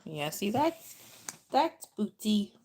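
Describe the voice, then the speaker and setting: Chatty Southern woman with gravelly voice. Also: mid-range voice, very animated, slow, darkish tone. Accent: Southern American. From Southern US, North Georgia. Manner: chatty, laughs often, greets viewers by name. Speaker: livestream host. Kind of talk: casual live-chat stream.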